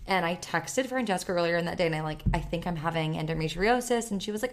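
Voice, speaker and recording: Young woman, podcast co-host, casual storytelling, animated, swears a lot, laughs often. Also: on the low side, fast.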